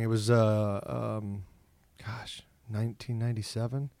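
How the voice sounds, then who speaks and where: A middle-aged man tells stories from his career in a relaxed interview, with a lively delivery that jumps around in pitch. He plays out his own inner voice as he goes. The sound is dry and close, recorded in an office. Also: a little fast, no echo. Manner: animated storyteller, acts out his own inner voice. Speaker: comedian and actor guest. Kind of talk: casual interview storytelling.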